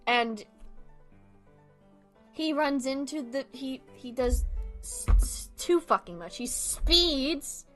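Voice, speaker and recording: A woman's voice: high-pitched, slow pace, long pauses, fairly bright tone, faint music behind. A young woman in casual chat, ranting about a film in an exasperated way, swearing often and laughing as she goes. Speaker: video creator. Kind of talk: casual chat, movie rant.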